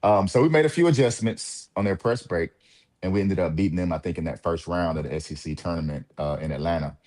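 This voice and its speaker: A man from Mississippi, a former college point guard, recalling his playing days in a casual interview, relaxed and reflective with many fillers. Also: low-pitched, quick pace.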